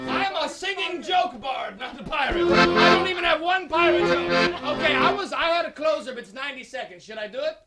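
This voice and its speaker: A man's voice: very high voice, a little fast, hardly any pauses. A man performing punchy one-liner jokes and half-sung comic lyrics as a musical comedian. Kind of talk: musical joke set with accordion. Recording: loud accordion playing behind. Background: accordion music.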